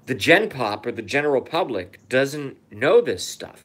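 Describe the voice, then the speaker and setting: Slow, furious ranting man. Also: medium pitch, sing-song, fairly bright tone, breathy edge. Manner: furious, profane, repetitive ranting. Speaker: YouTube show host. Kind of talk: comedic conspiracy rant. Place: apartment. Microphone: phone.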